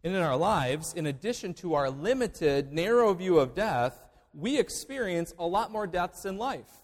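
A male pastor preaching a sermon, emphatic, moving between loud declarations and hushed asides. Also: high voice, very animated, normal speed, long reverb tail.

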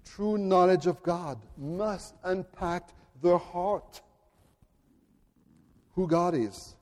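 A male pastor preaching a sermon in a large church, emphatic, building up to loud declarations. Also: high-pitched, very slow. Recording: long reverb of a church hall.

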